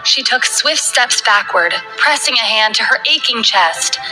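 A woman reading a romance novel aloud in a soft, dramatic storytelling way. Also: fairly high pitch, animated, unhurried, rough recording. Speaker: audiobook narrator. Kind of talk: scripted narration of a romance novel. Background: background music.

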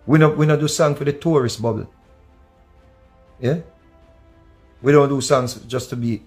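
A man with a Jamaican accent giving animated casual commentary, slipping between patois and English and breaking into snatches of song. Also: mid-range voice.

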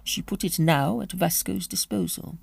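Low gravelly woman narrating a story. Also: dry recording, studio quality. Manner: expressive, measured reading. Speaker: audiobook reader.

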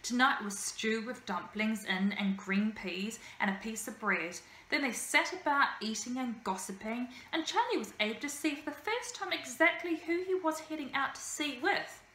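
Expressive woman reading a children's book. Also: on the high side, a little hiss or hum. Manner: lively, expressive storytelling. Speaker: teacher. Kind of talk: reading a children's novel aloud. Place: school room. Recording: echoey room, faint ambience.

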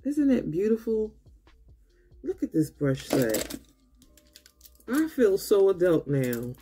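A woman vlogging a makeup unboxing who gushes and talks straight to her viewers, tired and low on energy. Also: big pitch swings, takes it slowly, over music. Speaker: beauty vlogger. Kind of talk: casual unboxing chat.

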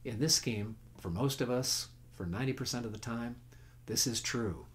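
A man's voice: medium pitch, normal speed. A man teaching guitar on a casual webcast, folksy and chatty, counting beats and humming notes as he plays. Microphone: home webcast mic. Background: own guitar playing.

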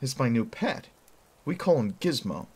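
A man's voice: medium pitch, sing-song, normal speed, a little mellow, breathy edge, pitched above the performer's own voice. A man voicing a friendly, easygoing young man with an upbeat manner. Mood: explaining.

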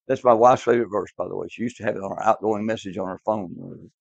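A man's voice: fairly low pitch, steady tone, brisk, creaky, no echo. A man teaching a class Bible lesson, emphatic and repetitive, quizzing his students in a classroom. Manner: emphatic, repeats key words, quizzes the class. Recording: dull lo-fi, dry.

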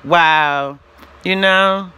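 A woman ranting to camera on her own channel, indignant and emphatic, repeating herself and rising at times to shouts. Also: on the low side, extremely slow, clean tone. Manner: direct address to the platform, repeating phrases. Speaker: channel owner vlogging. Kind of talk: ranting vlog monologue.

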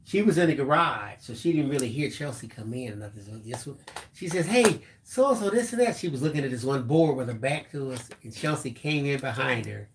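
A man in his fifties reads viewer comments aloud and tells stories in an animated, laughing way. His voice sits mid-range, with a faint hiss in the background. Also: medium pitch, brisk, hardly any pauses. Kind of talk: casual storytelling.

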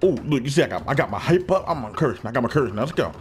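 A man's voice: mid-range voice, big pitch swings, racing, darkish tone, slight background noise. A man doing casual gameplay commentary, trash-talking and slangy, swinging from hyped to frustrated. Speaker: gaming YouTuber.

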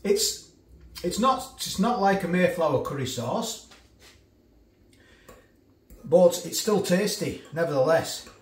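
A man's voice: high-pitched, lively intonation, takes it slowly, pauses often. A man casually reviewing food for his vlog, chatty, often restarting and eating while he talks. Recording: echoey room from a distance.

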